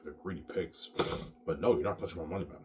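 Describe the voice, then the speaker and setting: A man's voice: sits low, fast, warm tone, a little hiss or hum. A man talking in a rambling monologue, stammering over repeated words and swearing often. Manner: repetitive, stammering, profane.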